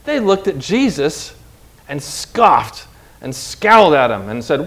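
A man preaching a sermon with an object lesson, swinging from quiet asides to loud, emphatic lines. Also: on the high side, sing-song, slow pace. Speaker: pastor.

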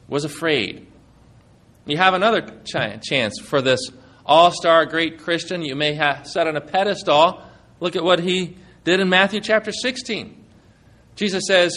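A male preacher giving a sermon, retelling scripture with animated storytelling and acting out the quoted lines. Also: a little high.

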